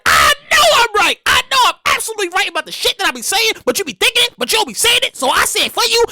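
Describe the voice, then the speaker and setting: A man hosting his own podcast, ranting loudly and hyperactively with plenty of swearing, and acting out other people in shouts. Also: extremely high pitch, very fast, few pauses, dry recording, studio quality. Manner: loud, hyper and animated, with profanity; acts out quoted people in shouts. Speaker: podcast host. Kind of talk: solo podcast rant.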